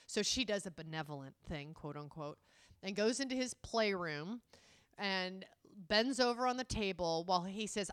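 Animated storyteller woman, mid voice, dry recording. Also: medium pitch, normal speed, smooth, no room sound. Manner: animated storytelling, acts out quotes. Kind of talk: casual film chat.

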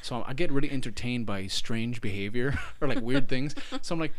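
Medium in pitch and quick with few pauses, a young man co-hosting a podcast spins a story in casual conversation. He's lively, swears a lot, and acts out the quotes.

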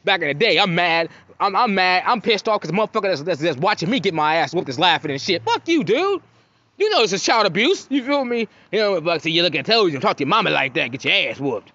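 A man in his thirties from Cincinnati, telling profane, animated stories on his podcast and acting out quotes. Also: on the high side, fast talker, hardly any pauses, no room sound, muffled recording. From Cincinnati, Ohio. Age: 30s. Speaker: podcast host. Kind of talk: casual storytelling monologue.

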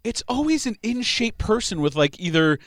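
A man's voice: high voice, very animated, moderate pace, a bit bright, no echo, clean studio sound. A man in casual chat, bantering in a joking, rambling way.

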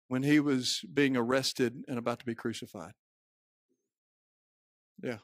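A man with a Southern US accent preaching a sermon, moving from quiet storytelling to shouted peaks. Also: medium pitch, steady tone, measured pace, pauses often, dry recording, studio quality. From Southern United States. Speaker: pastor.

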